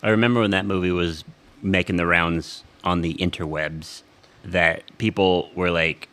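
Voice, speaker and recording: Enthusiastic co-host, man, low voice with a forceful edge. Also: fairly even intonation. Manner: enthusiastic, quick to agree. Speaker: podcast co-host. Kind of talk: casual movie discussion.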